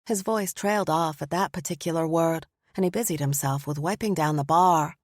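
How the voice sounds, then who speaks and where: A woman reading a first-person story aloud, expressive and lively. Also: deep voice, normal speed, no room sound, studio quality. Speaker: audiobook narrator. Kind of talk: scripted first-person narration.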